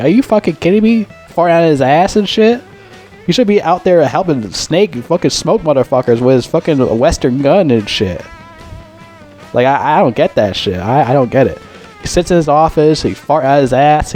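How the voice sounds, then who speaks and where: A man's voice: medium pitch, a little mellow. Profane, rambling male movie reviewer. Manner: profane, rambling, exasperated complaining. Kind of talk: casual ranting movie review.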